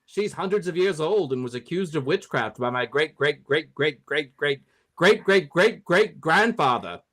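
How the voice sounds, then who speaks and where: A man's voice: on the high side, lively intonation, unhurried, fairly bright tone. A man playing a smug, boastful 1940s governor in an old-timey mid-Atlantic announcer manner, as a comic monologue.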